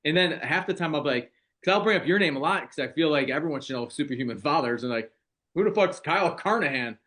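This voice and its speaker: A man hosting a podcast in casual chat, brash and excitable, swearing freely. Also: a little high, fast talker. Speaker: podcast host.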